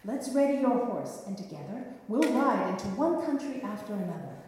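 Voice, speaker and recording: A woman voicing a gentle, loyal young male knight with a bright, encouraging voice. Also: sits high, huge pitch swings, slow pace, slight background noise, voice pushed up, heavily acted. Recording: echoey hall, mic far off.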